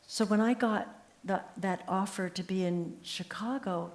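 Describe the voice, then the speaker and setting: A woman in her seventies, a memoir author talking as a guest in a casual onstage conversation, telling lively stories and acting out the voices she quotes. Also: mid-range voice, a little slow. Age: 70s. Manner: animated storyteller who acts out quoted voices. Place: live talk event on stage.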